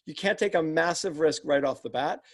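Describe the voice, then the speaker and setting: A man's voice: on the high side, a little fast. A man, a leadership coach and podcast guest, explains his work earnestly and step by step, often restarting sentences. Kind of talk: explanatory interview talk.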